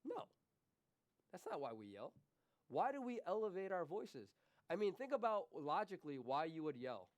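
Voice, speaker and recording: At a moderate pace and in a high, sing-song voice, a male pastor gives a church sermon. He moves back and forth between soft confessions and raised, forceful questions aimed at his congregation.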